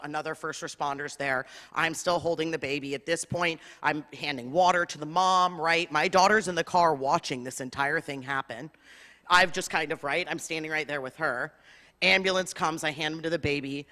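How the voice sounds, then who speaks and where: Bright-voiced woman rabbi preaching in a hall. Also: deep voice. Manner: impassioned, with long rhythmic lists and rising emphasis. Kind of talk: sermon with personal storytelling. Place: large spiritual center hall. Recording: long hall reverb.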